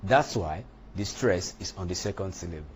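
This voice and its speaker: A man teaching a lesson on English word stress, speaking deliberately and punching out example words. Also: low-pitched, lively intonation, a little hiss or hum. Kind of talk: lecture on English pronunciation.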